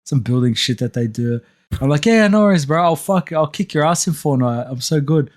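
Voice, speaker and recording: A man's voice: mid-range voice, normal speed. A man co-hosting a podcast, brash and slangy, swearing a lot in casual chat. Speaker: podcast co-host.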